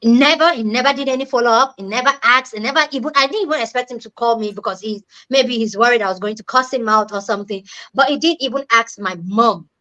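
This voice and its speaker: A woman's voice: on the high side, quick pace, few pauses, bright, forceful tone, poor audio. Earnest young woman telling a story. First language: not English. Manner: earnest and emphatic, repeats key words. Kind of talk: personal storytelling in casual chat.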